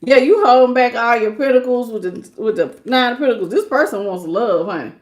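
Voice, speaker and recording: Woman tarot reader, high voice, slangy and laughing, acts out quotes. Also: normal speed. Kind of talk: live tarot reading stream.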